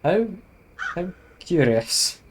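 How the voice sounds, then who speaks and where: A man's voice: a little high, big pitch swings, very slow, slight background noise, rough recording. A man streaming a video game, reading the on-screen text aloud and adding wry, self-mocking asides. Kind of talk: casual let's-play narration, reading game text aloud.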